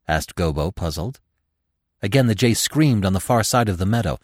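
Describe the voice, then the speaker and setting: A man with a deep voice narrates a classic tale. His reading swings widely in pitch and stays dramatic. The recording is dry and close. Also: expressive, normal speed, husky, no room sound. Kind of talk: scripted audiobook narration.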